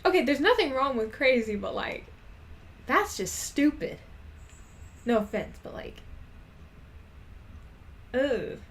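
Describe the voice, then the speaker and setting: A young woman streamer reading a story aloud in a soft, half-whispered voice, with loud outbursts of commentary. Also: high voice, very animated, slow, long pauses.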